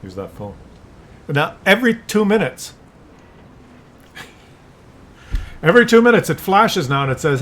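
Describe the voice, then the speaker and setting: A man's voice: high-pitched, big pitch swings, a little slow, pauses often, fairly bright tone. An older man talking in a loose, rambling monologue, often restarting words and acting out little scenes. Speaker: vlogger.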